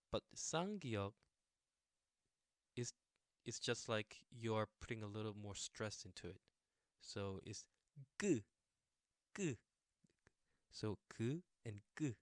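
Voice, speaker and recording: A man's voice: lowish voice, clear, resonant tone, dry recording, clean studio sound. A young man casually teaching a language lesson, explaining patiently with everyday examples and a few fillers.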